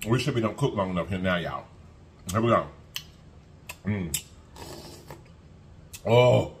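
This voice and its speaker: A man's voice: fairly low pitch, lively intonation, slow pace, a little hiss or hum. A man hosting an eating show, chatting casually to his viewers and humming as he eats. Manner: chatty, folksy, keeps addressing viewers, hums while eating. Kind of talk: casual mukbang chat to viewers.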